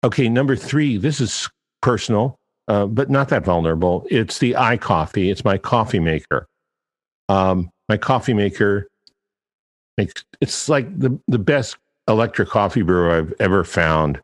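A man with a low, deep voice hosts a podcast in a loose, chatty way, wandering from one example to the next and poking fun at himself. His voice carries a long reverb tail, as if recorded in a large, echoing space. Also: lively intonation, normal speed. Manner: chatty, digressive, self-deprecating. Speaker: podcast host. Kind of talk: casual podcast monologue.

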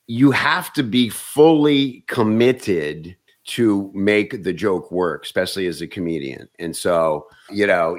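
A low-voiced male comedian and actor tells stories in a casual chat, animated throughout and frequently restarting his words.

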